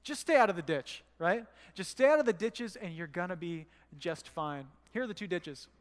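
A man's voice: sits high, expressive, normal speed, in a large hall. A man preaching a sermon in a casual, conversational way, telling stories and acting out quotes. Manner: conversational, storytelling with acted quotes. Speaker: pastor. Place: church.

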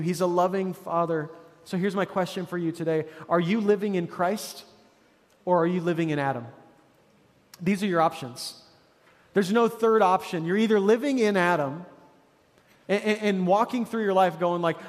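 High-voiced pastor preaching in a reverberant hall. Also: male voice, normal speed. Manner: casual, conversational preaching with many restarts and fillers. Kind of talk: sermon.

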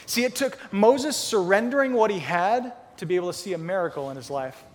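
High-voiced man preaching in a reverberant hall. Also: lively intonation, a little fast. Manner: conversational storytelling, acting out Bible characters. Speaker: pastor. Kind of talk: sermon.

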